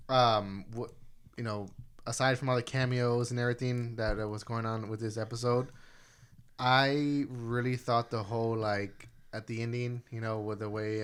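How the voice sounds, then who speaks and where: A young man co-hosting a casual podcast, talking in an excitable rush with plenty of fillers, his voice jumping high when he gets thrilled. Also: clear, resonant tone. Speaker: podcast co-host. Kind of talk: casual chat.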